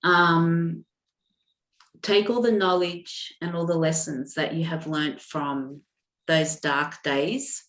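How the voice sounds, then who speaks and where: A woman reads intuitive cards over a video call at an unhurried pace, her voice sitting a little low. She talks gently and haltingly, circling back and restarting her phrases. The sound is roomy and echoey. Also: fairly even intonation. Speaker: intuitive card reader. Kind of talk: live online card reading.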